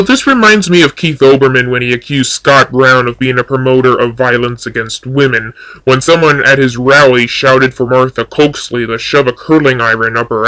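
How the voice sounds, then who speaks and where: A man's voice: medium pitch, sharp tone, poor audio. A man giving casual commentary on a video, answering its claims in a dry, sarcastic way. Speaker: YouTube commentator.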